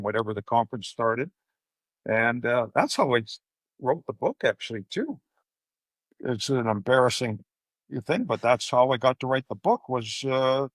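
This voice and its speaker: An older man speaks at a medium pitch with a noticeably gravelly, creaky edge. He tells anecdotes in a casual podcast interview, acting out the people he quotes. The recording is close and dry. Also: fairly bright tone, dry recording. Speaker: podcast guest, speaker and coach.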